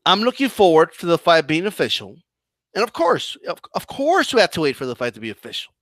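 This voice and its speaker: Animated high-voiced man ranting. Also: a little fast, no room sound. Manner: animated, mocking, combative rant with restarts. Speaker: boxing commentary channel host. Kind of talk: live-stream commentary reading chat.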